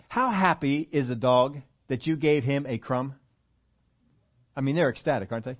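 A man's voice: on the high side, unhurried, pauses often, dull audio. A male pastor giving a conversational sermon, reading scripture and asking the congregation rhetorical questions with humorous asides.

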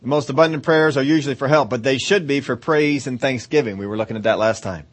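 A man's voice: medium pitch, fast talker. A middle-aged man preaching a conversational sermon, chuckling often and acting out whiny, pleading prayers.

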